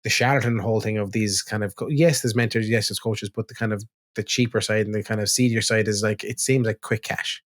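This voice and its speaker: A man's voice: fairly low pitch, fairly even intonation, fairly quick, few pauses. A young adult Irish man co-hosting a podcast, telling stories in a casual chat, acting out the exchanges he quotes and swearing freely. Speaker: podcast co-host.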